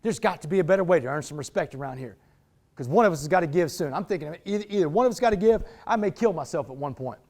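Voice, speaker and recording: A man giving a motivational talk to a sports team, telling a story in an animated, street-talking way and calling listeners "man" and "y'all.". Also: on the high side, fast. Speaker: motivational speaker. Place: indoors, speaking to a football team.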